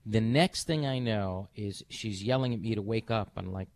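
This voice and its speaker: A middle-aged man hosting a radio show, telling a story in a casual, animated way and acting out the voices of the people in it. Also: on the low side, normal speed. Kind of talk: casual on-air chat.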